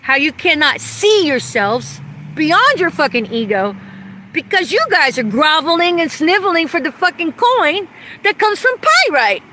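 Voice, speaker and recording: A woman's voice: sits high, bright, forceful tone, a little hiss or hum. A woman ranting angrily and profanely in a livestream, speaking into a phone while outdoors in the cold. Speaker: vlogger. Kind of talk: angry livestream rant.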